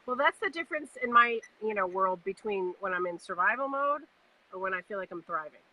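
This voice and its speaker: Woman, podcast host, reflective and encouraging, bright clear tone. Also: medium pitch, expressive, brisk, no room sound, rough recording. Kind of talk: casual heartfelt conversation.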